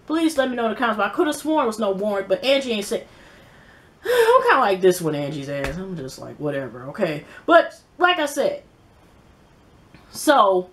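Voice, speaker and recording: A woman reviewing a TV episode in casual chat, animated and profane, acting out the scenes as she goes. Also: mid-range voice, normal speed. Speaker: TV show reviewer.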